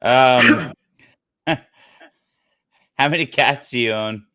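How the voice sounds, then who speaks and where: Man, casual podcast chat, teasing and blunt, mid pitch. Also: drawn-out words, sharp tone. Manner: laughing, teasing, blunt swearing.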